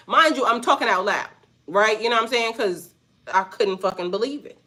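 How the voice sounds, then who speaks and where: A woman's voice: a little high, quick pace. Profane woman ranting a storytime. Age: adult with a son. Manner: blunt, profane, animated storytelling with asides to viewers. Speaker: spiritual vlogger. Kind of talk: casual storytime rant.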